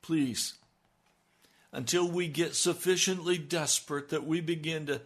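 A man's voice: on the high side, fairly even intonation, measured pace, a bit bright, breathy edge. A male preacher delivering a sermon with an impassioned, emphatic manner.

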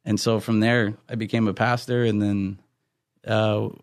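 A man's voice: fairly low pitch, level tone, a little slow, no echo, studio quality. Earnest man telling his testimony. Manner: earnest storytelling with frequent restarts. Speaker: pastor. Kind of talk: testimony in a podcast interview.

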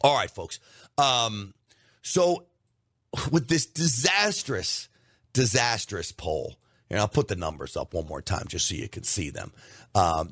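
A man's voice: on the low side, a bit bright, no echo, studio quality. A man hosting an opinionated political commentary show, talking emphatically and repeating words for stress.

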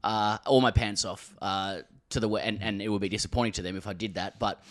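An Australian man riffs on cricket in a low voice, stumbling over restarts and breaking into laughter. His talk is loose, chatty and a little sweary. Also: fairly even intonation, a little fast, fairly bright tone. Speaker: podcast co-host. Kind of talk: casual cricket chat.

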